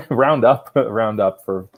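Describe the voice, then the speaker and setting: A man's voice: on the low side, drawn-out words, slight background noise, low-quality recording. A man hosting and judging an online improv competition from home over a laptop, chatting loosely, rambling and teasing the players with mock-strict rulings. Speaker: improv show host and judge. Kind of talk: casual comedic emceeing.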